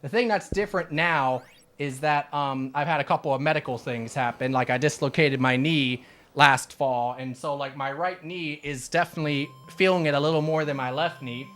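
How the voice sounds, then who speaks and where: A man's voice: fairly high pitch, brisk, fairly bright tone. A man in his thirties, out of breath from exercise games, chatting casually with viewers as a retro game streamer. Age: 30s. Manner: chatty, laughing, swears at the game. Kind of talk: casual live stream chat.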